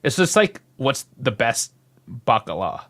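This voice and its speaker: A man co-hosting a casual podcast, telling stories in a lively, profane way. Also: medium pitch, normal speed. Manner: lively, swears freely while telling stories. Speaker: podcast co-host.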